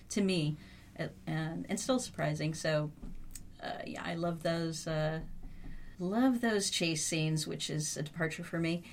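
A woman guest in a casual podcast film chat, talking in halting bursts with many restarts. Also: low voice, a little hiss or hum.

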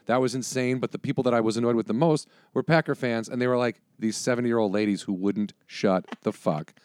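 A man's voice: medium pitch, a little fast, a little mellow, dry recording, clean studio sound. A man in his forties chatting casually, telling rambling, profane stories full of restarts. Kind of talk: casual chat.

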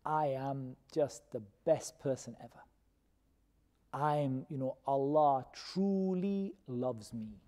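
A man teaching a Quran commentary class, who questions his students and repeats key terms slowly. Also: medium pitch, warm tone. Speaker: religious teacher. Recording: long reverb of a hall.

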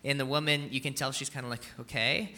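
Man, very bright timbre, casual sermon storyteller, rambling and heartfelt. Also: mid-range voice, little pitch movement, fast. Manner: rambling, full of fillers and restarts; earnest and moved. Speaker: speaker sharing a film story.

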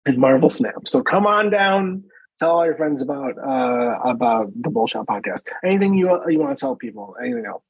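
A man with a rough, husky voice co-hosts a casual podcast, circling his point and restarting his sentences as he goes. His voice sits a little high for a man. The recording is dull and dry, with a lo-fi edge. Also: expressive, moderate pace, dry recording. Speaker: podcast co-host. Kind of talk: casual chat.

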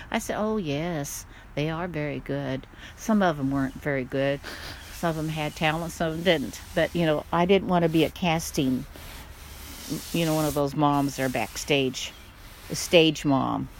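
An older woman, a mother, chatting casually and telling stories in a lively way, often laughing. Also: deep voice, moderate pace, slight background noise. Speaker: guest, mother. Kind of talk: casual chat.

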